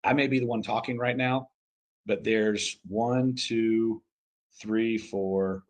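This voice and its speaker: A man's voice: lowish voice, fairly even intonation, takes it slowly, rough recording. A man leading a team project on a casual group voice chat, blunt and swearing freely. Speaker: project lead on a crypto call.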